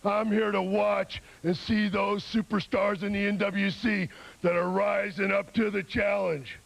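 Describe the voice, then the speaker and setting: A man cutting an intense, grandiose wrestling promo in a booming voice. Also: level tone, a little slow, vocal fry, low-quality recording.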